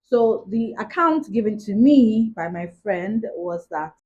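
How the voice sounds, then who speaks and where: A young woman recounts her story straight to camera, chatty and loose, leaning on "like" between thoughts. Her voice is husky and sits at a middling pitch. The recording is dull and lo-fi. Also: lively intonation, measured pace, darkish tone. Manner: chatty, retells events with many "like" asides. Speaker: vlogger.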